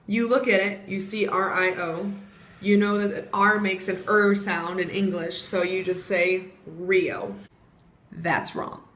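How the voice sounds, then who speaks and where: A woman's voice: mid-range voice, a bit bright. Chatty young American woman in an echoey room. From United States. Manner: chatty, explains with spelled-out examples. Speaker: vlogger teaching Portuguese pronunciation. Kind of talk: casual vlog lesson. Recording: echoey room with faint ambient noise.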